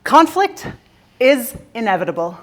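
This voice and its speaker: Keynote speaker: Canadian woman, slightly high voice, playful, teases the crowd. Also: sing-song, a little slow. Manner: playful, jokey, teasing the audience. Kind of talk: motivational stage talk. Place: conference stage.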